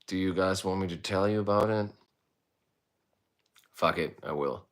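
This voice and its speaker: A man's voice: low voice, unhurried. A middle-aged man who plays in a band, chatting casually on a livestream and telling a long, rambling story with free swearing. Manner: laid-back, rambling, swears freely, reads out viewer comments. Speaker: musician hosting a livestream. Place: indoors, streaming while away on travel.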